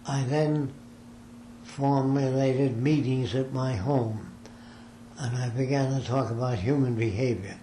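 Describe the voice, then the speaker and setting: Older guy telling old stories in an echoey room, bit of hum behind. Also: medium pitch. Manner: rambling storyteller, acts out quoted voices. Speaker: interviewee. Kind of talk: recounting his life in an interview. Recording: echoey room with faint ambient noise.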